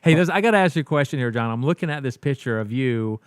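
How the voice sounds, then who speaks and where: Man, interview host, casual chat, teasing questions, mid-pitched, dry close sound. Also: animated, fast, smooth, no echo.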